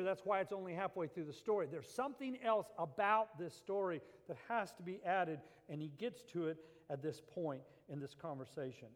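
High-voiced male pastor in an echoing hall. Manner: conversational, acts out voices of the people in the story. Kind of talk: sermon.

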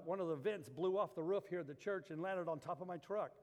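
A male pastor with a somewhat high voice preaches in a church, his words ringing with long hall reverb. He moves between scripture and folksy, rambling personal stories told in an easygoing storyteller's manner. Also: fast, hardly any pauses, darkish tone. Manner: folksy, storytelling with homey asides. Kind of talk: sermon.

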